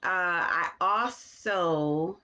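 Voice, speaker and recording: A mother talking casually to her viewers, halting often with restarts as she slows down to find her words. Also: fairly low pitch, bright, forceful tone. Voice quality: slow, deliberate delivery. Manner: halting, with restarts and long pauses. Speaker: parent vlogger. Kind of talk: casual talk to camera.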